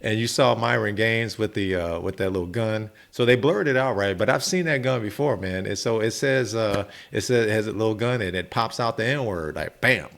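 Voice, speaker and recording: A man with a fairly low, creaky voice hosts a reaction video, talking briskly with few pauses. His casual commentary is laid-back and chatty, sprinkled with "man" and chuckling asides.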